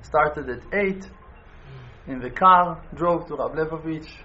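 A man giving an impassioned appeal, pleading, repeating his phrases and swinging between loud urging and quiet, near-tearful moments. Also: fairly high pitch, takes it slowly. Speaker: community speaker making an appeal. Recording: dull lo-fi with faint noise.

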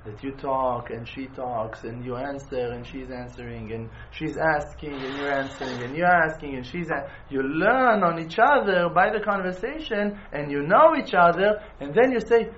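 Lively high-voiced man teaching. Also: normal speed, few pauses, dull audio, a little hiss or hum. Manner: animated, repeats phrases for emphasis. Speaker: religious teacher. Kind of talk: informal spiritual lesson.

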